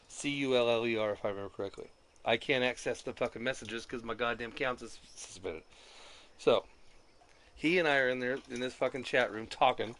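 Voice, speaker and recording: A streamer with a medium-pitched, fairly bright voice rants about getting banned from an online game, swearing constantly and complaining in an agitated way. Slight background noise is present.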